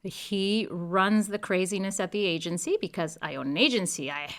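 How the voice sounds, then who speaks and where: A middle-aged woman tells her story as a guest. Her voice has a bright, forward edge, and her delivery is emphatic and playful, with sudden quick bursts. She sits at a middling pitch for a woman. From Colombia. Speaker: guest, real estate broker. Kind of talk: animated interview talk.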